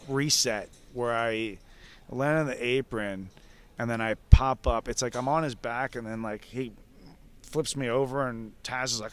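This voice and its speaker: A man telling a story in casual, animated talk, swearing freely and acting out what others said. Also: mid-range voice, clear, resonant tone. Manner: animated, profane, laughs often, acts out others' lines. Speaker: wrestling veteran guest.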